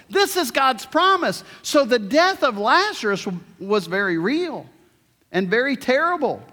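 A man preaching a sermon as a pastor, earnest, slowing down to stress key words and reading scripture aloud. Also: sits high, fairly bright tone, big-room sound.

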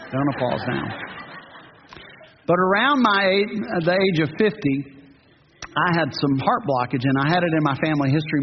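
High-voiced pastor in his fifties preaching. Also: background noise. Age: 50s. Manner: earnest, rising to emphatic peaks, joking asides. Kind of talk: sermon. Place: church sanctuary. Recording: dull audio with long hall reverb.

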